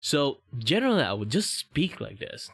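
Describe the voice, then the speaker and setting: Streamer, male, Malaysian English accent, slow and drawn-out delivery, swears casually, lively pitch, dry close sound. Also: vocal fry, no echo.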